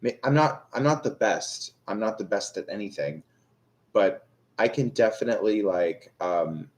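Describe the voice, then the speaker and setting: With a fairly low pitch and darkish tone, this young adult man sounds animated and talks at normal speed. He is a tarot reader on a live stream, chatting casually with viewers in a rambling, self-deprecating way full of fillers and restarts.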